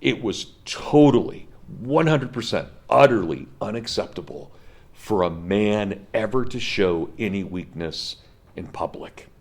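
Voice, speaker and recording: A deep-voiced, middle-aged professor lecturing in a classroom. He tells his story earnestly and gets emotional, his voice cracking now and then. The sound is plain and close to the speaker. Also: animated, unhurried, gravelly. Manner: earnest storytelling, breaks into laughs when moved. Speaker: college professor.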